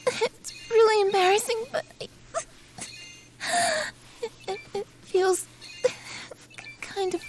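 A young woman playing a very high, stammering shy streamer. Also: steady tone, takes it slowly, pauses often, slight background noise. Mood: nervous. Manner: stammering, hesitant; hushed, half-whispered at times. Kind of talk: adult audio role-play.

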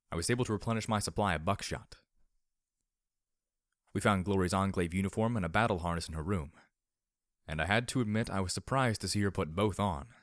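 A man reading a first-person story aloud, measured and wry. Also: deep voice, no echo, clean studio sound. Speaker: audiobook reader.

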